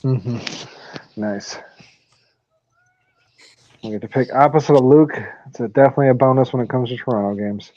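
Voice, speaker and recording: Dark-voiced swearing podcast host. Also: male voice, medium pitch, moderate pace, long pauses, no room sound. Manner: profane, laughing, storytelling. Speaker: podcast host running weekly picks. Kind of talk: casual chat. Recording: dull lo-fi audio.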